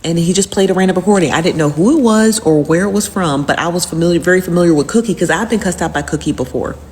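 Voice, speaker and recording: Woman host, lowish voice, rambling casual recap, long reverb on the recording. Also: fast, darkish tone, a little hiss or hum. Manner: rambling and repetitive, with frequent fillers. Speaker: host recapping live-stream drama. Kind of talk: casual chat.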